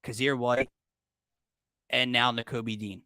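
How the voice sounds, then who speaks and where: A man hosting a casual sports talk show, excitable and rambling, often cutting himself off mid-thought. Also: mid-range voice, slow pace, no echo, studio quality. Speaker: podcast host.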